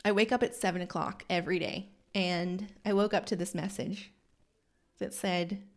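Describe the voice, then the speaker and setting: A woman who owns a hair salon, hosting a podcast and telling a rambling, animated, self-deprecating story from inside her salon. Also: lowish voice, normal speed. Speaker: salon owner and podcast host. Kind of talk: casual storytelling monologue.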